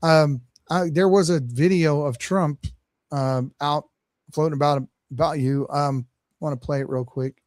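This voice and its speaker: A man hosting a podcast, asking casual questions with easy filler pauses. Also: on the high side, steady tone, a little mellow, no room sound. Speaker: podcast host.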